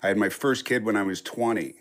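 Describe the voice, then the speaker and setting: A man's voice: fairly low pitch, fairly quick, a bit bright. A man in his fifties, a podcast guest, telling loose, rambling stories in casual chat and swearing freely.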